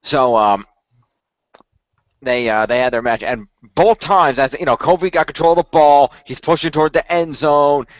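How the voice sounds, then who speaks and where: A man's voice: a little high, normal speed, dry recording. A man hosting a podcast in casual chat, rambling with lots of fillers and restarts. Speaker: podcast host. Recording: muffled lo-fi dry audio.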